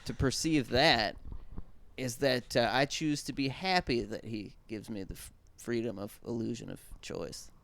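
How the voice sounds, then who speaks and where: Mid-pitched rambling, laughing man. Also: normal speed, creaky, a bit bright. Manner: rambling, mock-earnest storytelling with frequent laughs. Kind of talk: casual comedic chat.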